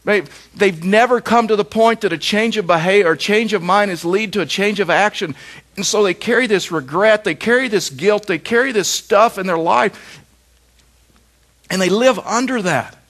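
A man's voice: sits high, normal speed, a bit bright. A middle-aged man pastor preaching a sermon, with emphatic repetition and rhetorical questions.

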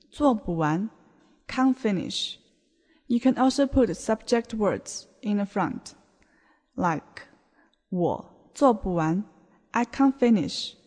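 A woman teaching a beginner language lesson on a podcast, explaining words in a slow, clear way. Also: mid-range voice, darkish tone. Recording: long hall reverb.

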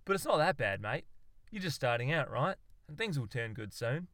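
A man's voice: medium pitch, sing-song, normal speed, a bit bright, no echo, clean studio sound. A man doing an easygoing bloke. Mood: coaxing. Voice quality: blokey, encouraging. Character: easygoing Australian man, a reassuring mate.

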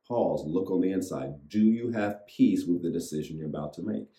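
Male pastor, low dark voice, rhythmic call-and-response sermon, echoey room. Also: normal speed, few pauses. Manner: rhythmic repetition, leads audience in reciting.

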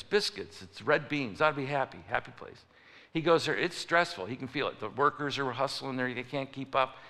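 In a large hall with long reverb, a pastor delivers a sermon in a bright, forceful, mid-range voice. He's a storytelling preacher who gives voice to each character he describes.

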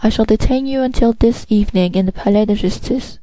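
A stern yet shaken magistrate, as a woman reads him out, murmurs low and quiet. The voice is mellow and warm, in a dry, close recording. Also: brisk, no echo, lightly acted, low-quality recording. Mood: strained firmness. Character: pale anxious male magistrate, stern and shaken.

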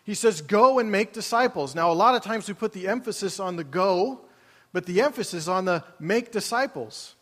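High-voiced pastor preaching in a reverberant hall. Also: male voice, normal speed, a bit bright. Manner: conversational, asks the congregation questions. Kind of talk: sermon. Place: large church auditorium.

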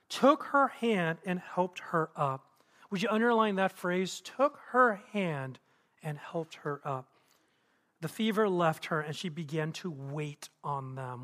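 A man preaching to his congregation in a church, animated, acting out quotes and asking the room questions. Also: a little high, unhurried. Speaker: pastor. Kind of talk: sermon. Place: church auditorium.

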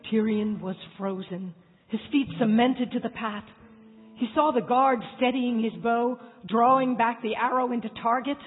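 Female narrator for a dramatic story, husky breathy tone, phone-thin audio with hall echo. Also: on the high side, fairly even intonation, a little slow. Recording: tinny, echoey hall, faint music.

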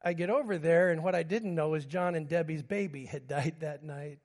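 Preacher in his fifties with a high, light voice, telling personal stories from the pulpit. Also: a little fast, a little mellow. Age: 50s. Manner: storytelling, moving between humor and grief. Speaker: pastor.

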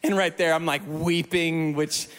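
A male pastor preaching a sermon in a church, telling stories in an emotional, animated way. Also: on the high side, measured pace, long reverb tail.

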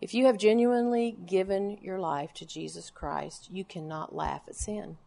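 A woman in her forties preaching a sermon to a gathering of women, pressing her points with emphatic, repeated words and then dropping to hushed, low lines. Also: fairly even intonation, normal speed, vocal fry. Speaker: women's Bible teacher.

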